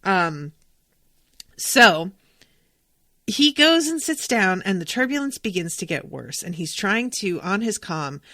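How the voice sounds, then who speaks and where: Woman, podcast host, casual recap, excitable, swears freely, mid pitch, dry sound. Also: slow pace, dry recording. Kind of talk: casual chat.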